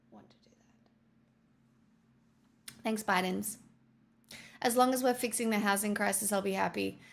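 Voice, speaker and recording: A woman's voice: mid-range voice, vocal fry. A woman, chatting casually on a live stream, reading out viewer donations and answering them in a wry, sardonic way. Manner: wry and sardonic, peppered with "right?" and "truly".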